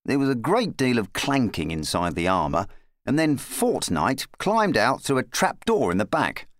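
A man reading a children's story aloud in a playful, lively storybook manner. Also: mid-range voice, moderate pace, no echo, studio quality.

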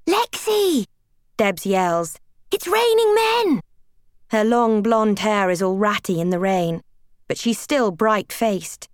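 A young woman reading a first-person novel aloud, wry, lively and expressive. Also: medium pitch, clear, resonant tone, dry recording, clean studio sound. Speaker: audiobook narrator.

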